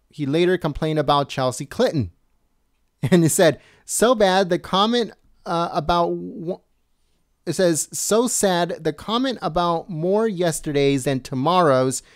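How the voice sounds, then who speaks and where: A man reading news items aloud slowly and adding his own commentary, stumbling and correcting himself and asking viewers questions. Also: a little high, smooth, dry recording, studio quality. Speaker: political commentary host.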